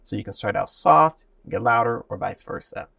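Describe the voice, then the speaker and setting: A man's voice: fairly low pitch, expressive, normal speed, creaky, pushed and bright, breathy edge, no room sound, distant mic. A man, a voice teacher, explaining his methods with enthusiasm as an interview guest.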